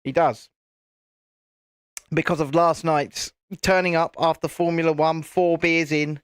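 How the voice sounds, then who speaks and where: A man's voice: on the high side, fairly even intonation, a little slow, clear, resonant tone, no echo, clean studio sound. A man hosting a live stream, chatting casually and rambling while he builds a set, with the odd casual swear. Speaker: channel host.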